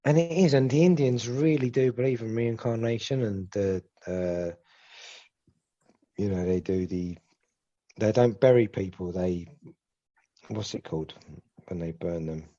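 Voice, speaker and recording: A man's voice: lowish voice, measured pace, pauses often, warm tone. A man co-hosting a podcast in casual chat, rambling and repeating himself, with the odd swear. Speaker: podcast co-host. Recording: slightly dull lo-fi audio.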